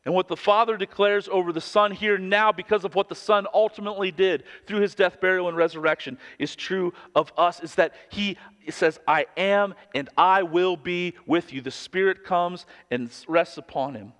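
A man's voice: high voice, normal speed, hardly any pauses, a bit bright. A man in his thirties, a pastor delivering an earnest, conversational sermon full of personal stories. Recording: long hall reverb.

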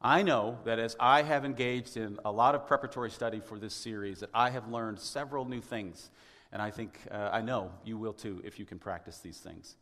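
A man's voice: on the low side, a little fast, a bit bright. Man preaching in a reverberant church. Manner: wry, conversational preaching with frequent throat clearing. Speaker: pastor. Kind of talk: sermon. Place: church sanctuary. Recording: long hall reverb.

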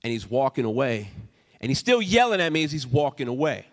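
A man preaching a sermon as pastor, swinging from loud emphatic lines to soft, hushed storytelling. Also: mid-range voice, big pitch swings, brisk, long reverb tail. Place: church sanctuary.

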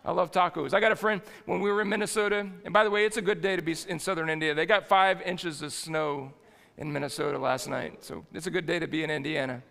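Male pastor, bright high register, gravelly edge, folksy sermon in a reverberant church hall. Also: fairly even intonation, fast, hardly any pauses. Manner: folksy and jokey, with frequent restarts. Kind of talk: conversational sermon. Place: church sanctuary.

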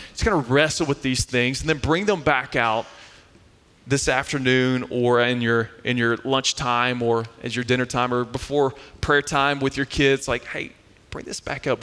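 Bright-voiced man preaching in a reverberant hall. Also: medium pitch. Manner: earnest, emphatic, repeats words when restarting. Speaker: pastor. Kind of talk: sermon with scripture reading. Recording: echoey hall with long reverb.

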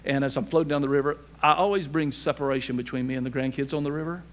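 An older man, a pastor, preaching a sermon in a folksy, humorous way, sometimes dropping to a hushed near-whisper for emphasis. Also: fairly high pitch, fairly even intonation, fast.

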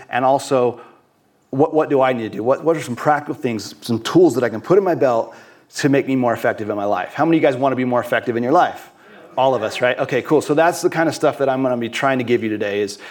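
This guest preacher has a mid-range, somewhat dark voice. Earnest throughout his sermon, he often stumbles back over words and now and then briefly performs the voices he quotes.

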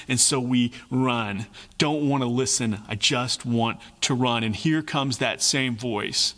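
A man's voice: medium pitch, bright, forceful tone, big-room sound. A man preaching a sermon, earnest and emphatic, often repeating words for weight. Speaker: pastor.

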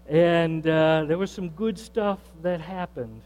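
A man's voice: on the high side, slow pace. Man preaching in a reverberant hall. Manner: conversational, animated when quoting others. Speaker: pastor. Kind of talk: sermon storytelling. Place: church sanctuary. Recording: long hall reverb with mains hum.

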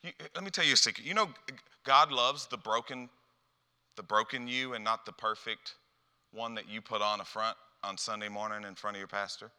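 A man preaching a sermon to a youth gathering, animated and rhetorical, often repeating words as he builds up steam. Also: on the low side, normal speed, smooth, big-room sound.

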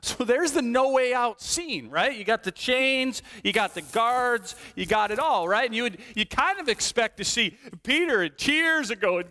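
A man preaching a sermon in a lively, conversational way, acting out small quoted voices as he goes. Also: very high voice, moderate pace, few pauses, long reverb tail. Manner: animated, conversational, acts out little voices. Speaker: pastor.

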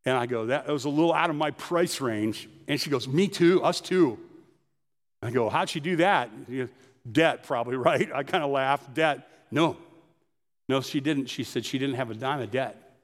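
A pastor telling personal stories in a conversational sermon. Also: male voice, medium pitch, moderate pace, big-room sound. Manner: storytelling, conversational.

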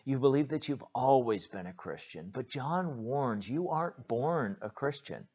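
A man preaching a sermon as pastor, earnest and direct, often pausing on "uh" and restarting his words. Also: medium pitch, lively intonation, a little mellow, slightly rough. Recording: dull lo-fi recording.

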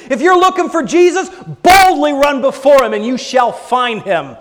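Man preaching, high voice, dramatic, goes from loud and bold to hushed, long echo of a hall. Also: animated, normal speed, few pauses. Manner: dramatic, swings from bold exclaiming to hushed near-whisper. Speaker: pastor. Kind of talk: sermon.

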